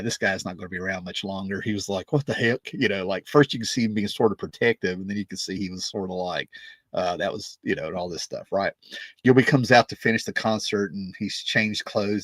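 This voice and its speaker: Low-voiced rambling storyteller man. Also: fairly bright tone, dry recording. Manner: rambling, full of "right?" and "you know". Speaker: music vlogger. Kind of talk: casual storytelling.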